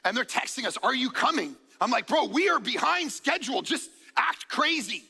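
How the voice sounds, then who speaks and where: A man's voice: extremely high pitch, normal speed, vocal fry, slightly rough. A man preaching as a pastor, telling a story and acting out what people said, with jokes along the way. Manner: animated, acts out quotes, jokes. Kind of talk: sermon with storytelling. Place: church auditorium. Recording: hall reverb from church stage.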